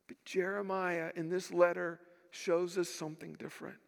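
A man's voice: high-pitched, flat delivery, normal speed, gravelly, few pauses. Man preaching in a reverberant hall. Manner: storytelling preacher, acts out quoted voices, rhetorical questions. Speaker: pastor. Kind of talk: sermon.

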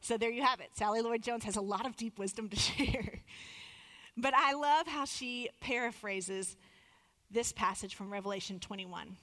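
A woman in her thirties preaching a sermon in an earnest, measured way, slowing down for emphasis. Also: fairly high pitch, bright, forceful tone, long reverb tail.

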